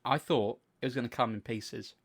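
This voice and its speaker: A young man with a mid-range voice, chatting on a podcast. He tells long stories in an animated way and swears freely. He slips into other people's voices to act out what they said. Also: medium pitch, moderate pace. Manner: animated storytelling, swears freely, acts out quotes. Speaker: podcast co-host. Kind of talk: casual chat.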